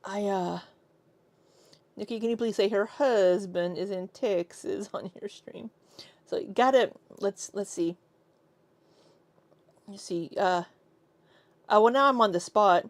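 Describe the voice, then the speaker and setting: Speaking slowly at medium pitch with long pauses and no echo, an American woman hangs out with her stream audience. She's chatty and jokey, laughs a lot, and plays around with goofy accents.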